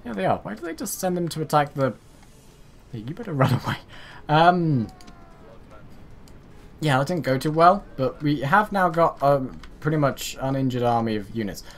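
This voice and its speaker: Chatty man with a lively voice. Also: on the high side, moderate pace, pauses often. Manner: chatty, self-mocking, ordering units about aloud. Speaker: gaming YouTuber. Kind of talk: casual let's play commentary.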